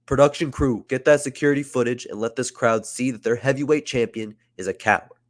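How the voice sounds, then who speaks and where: A man's voice: medium pitch, brisk, voice pushed up, natural voice. A man voicing a fierce, blunt veteran male wrestler. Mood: fired up.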